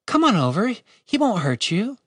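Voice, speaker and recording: A man's voice: sits high, wildly swooping pitch, moderate pace, a bit bright, husky, no echo, studio quality, voice pushed up, full character voice. A man voicing a brash, sarcastic young woman. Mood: apologetic. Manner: sarcastic, blunt, swearing. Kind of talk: audiobook character voice.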